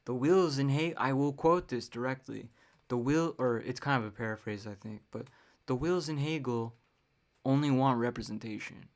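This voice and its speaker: A young woman with a very deep, slightly mellow voice hosts her own podcast, speaking at a normal speed. In this casual solo monologue, she rants profanely and lets out wry laughs.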